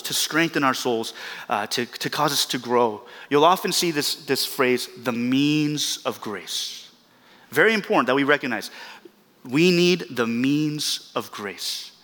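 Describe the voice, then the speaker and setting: A male pastor delivers an earnest, emphatic sermon in a bright, forceful voice. He stacks repeated phrases for emphasis. His words ring out with a long reverb through the church hall. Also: fairly high pitch.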